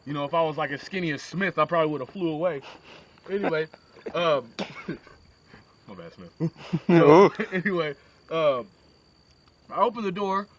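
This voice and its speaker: A man's voice: fairly high pitch, normal speed, pauses often. A young man telling a rambling, crude shaggy-dog story with lots of asides, on a lo-fi phone recording. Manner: animated, crude, digressive.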